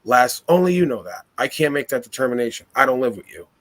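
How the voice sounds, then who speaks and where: A man's voice: medium pitch, animated, quick pace, fairly bright tone. A man hosting a casual talk, speaking with confidence and authority and piling up rhetorical questions.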